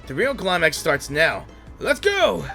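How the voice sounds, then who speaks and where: A man voicing a loud, muscle-obsessed idol coach in a game, barking commanding declarations. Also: fairly high pitch, huge pitch swings, unhurried, creaky, soft background music, heavily acted. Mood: fierce.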